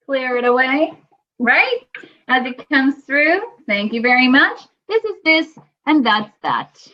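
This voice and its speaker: A woman's voice: high-pitched, lively intonation, slow pace. A woman hosting a casual chat, talking in an enthusiastic, spiritual way. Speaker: host. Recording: dull lo-fi sound.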